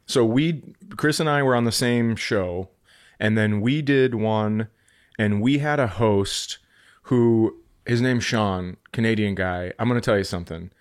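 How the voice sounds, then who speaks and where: A man's voice: fairly low pitch, measured pace. A male comedian guest telling a story in casual chat, wry and profane.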